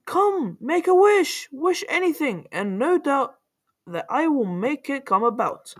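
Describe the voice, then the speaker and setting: Woman voicing a high, sing-song fairy godmother. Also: sing-song, normal speed, dark tone. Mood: kindly. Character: kindly magical fairy godmother.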